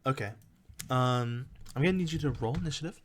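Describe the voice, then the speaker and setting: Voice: mid-range voice, a little fast. A game master running a tabletop game, narrating loosely with many fillers.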